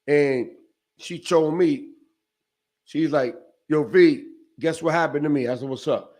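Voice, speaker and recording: A man with a notably high voice tells a story in a relaxed podcast conversation. He is animated and streetwise, with salty language. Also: measured pace. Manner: animated, profane, streetwise, acts out quotes. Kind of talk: casual storytelling chat.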